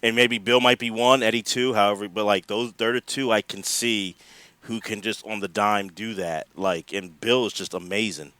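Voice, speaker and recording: A man co-hosting a podcast in casual chat, animated, laughing often and acting out quotes. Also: on the low side, normal speed, smooth, no room sound. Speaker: podcast co-host.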